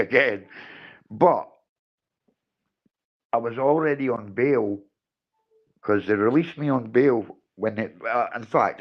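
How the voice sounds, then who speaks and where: A middle-aged man telling a story on a livestream, animated and acting out what each person said. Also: on the low side, lo-fi sound. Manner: animated, acts out his own and others' lines. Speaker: livestream host.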